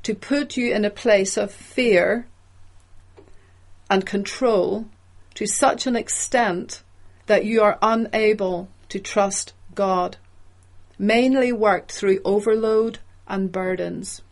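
In a mid-range voice, a woman preaches with measured emphasis, pausing along the way to explain word meanings.

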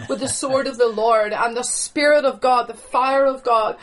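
A woman delivering charismatic prophetic prayer over a video call, fervent, with breathy exclamations. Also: fairly high pitch, steady tone, moderate pace, poor audio.

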